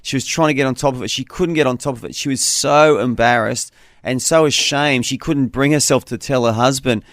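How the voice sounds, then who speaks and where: Radio host, male, mid-pitched, conversational storyteller, dry close studio sound. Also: dry recording. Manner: warm conversational storyteller, slows to repeat phone number. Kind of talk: call-in radio talk.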